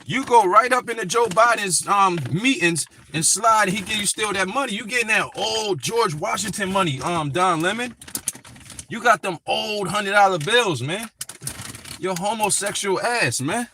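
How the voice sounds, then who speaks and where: With a high, sharp voice at a moderate pace, a live streamer rants angrily and speaks directly to the person he criticizes. Slight background noise can be heard.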